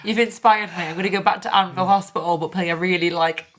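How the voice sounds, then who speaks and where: A woman hosting a podcast, chatting lively, laughing often and asking questions. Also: fairly low pitch, quick pace. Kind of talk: casual podcast chat.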